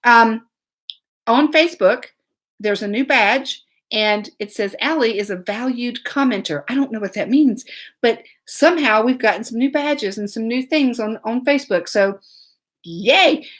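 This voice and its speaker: Speaking a little slowly in a fairly high, fairly bright voice, a woman hosts a casual live stream. She tells a lengthy story with lots of chatter and laughter, pausing to greet commenters.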